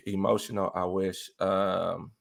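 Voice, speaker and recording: A young man chatting casually as a podcast guest, animated, often laughing and breaking into bits of song. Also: low voice, slow, creaky. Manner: animated, exclaims and sings snippets, laughs often.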